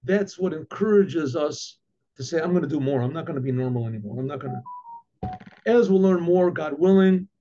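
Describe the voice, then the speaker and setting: A man, a rabbi, telling a story in an animated way, acting out the dialogue with many restarts and asides. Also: on the high side, brisk, a little hiss or hum. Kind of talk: storytelling talk. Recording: dull lo-fi recording.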